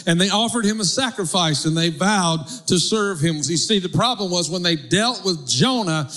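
A man's voice: fairly high pitch, fairly bright tone. A male pastor preaching a sermon, calling on the congregation to respond. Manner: preaching with audience call-and-response.

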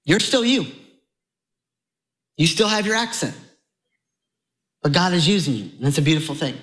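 A man preaching a sermon to a congregation, conversational and animated, his voice jumping higher as he gets excited. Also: moderate pace, poor audio. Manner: animated, conversational preaching with sudden rises in pitch. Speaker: pastor.

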